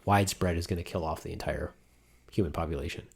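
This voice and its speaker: A man's voice: deep voice, fast, gravelly, slightly rough. A man co-hosting a podcast, talking in an enthusiastic, rambling way and often breaking off mid-sentence. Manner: rambling, enthusiastic, self-interrupting. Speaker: podcast co-host. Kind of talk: casual chat.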